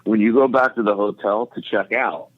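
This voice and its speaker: A man's voice: on the low side, steady tone, normal speed, close to an everyday voice. A man putting on a blunt, matter-of-fact comedy club owner, over a tinny phone line.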